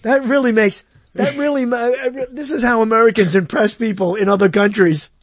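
A man co-hosting a talk show, chatting casually in an excitable, animated way with frequent laughter. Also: high voice, normal speed, no echo. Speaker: podcast co-host. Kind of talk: casual banter.

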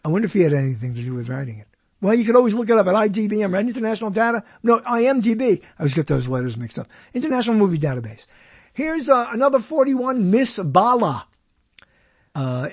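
A man's voice: high-pitched, darkish tone, breathy edge, dry recording. A man hosting a countdown of badly reviewed movies, jokey and rambling, who often corrects himself mid-sentence. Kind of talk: casual solo commentary.

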